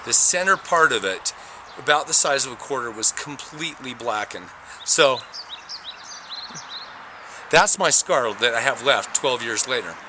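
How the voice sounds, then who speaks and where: A man giving a personal testimony about a near-death experience, telling it in an animated way and acting out the moments. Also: mid-range voice, a little slow, long pauses, noisy background.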